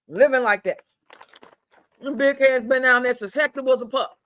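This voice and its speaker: An older man with a drawl vents on a live stream from home, profane and fuming, circling back to the same complaints and stretching some words out. His voice sits high and bright, with a sharp edge. The sound is dry and close, with no room echo. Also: normal speed, long pauses. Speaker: livestream host. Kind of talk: angry venting live stream.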